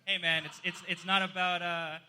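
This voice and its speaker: A male stand-up comic working a live club crowd, chatty and self-mocking as he talks with the room. His voice sits high and rings with a sharp, very bright edge. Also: flat delivery, moderate pace. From outside the US. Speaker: stand-up comedian. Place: live comedy night in a social club.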